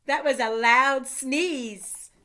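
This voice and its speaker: Lady reading a kids book out loud, slow, bright voice, playful asides. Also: high voice. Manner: playful, pausing to chat and laugh with young listeners. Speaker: storyteller reading to children. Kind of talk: children's picture book read-aloud.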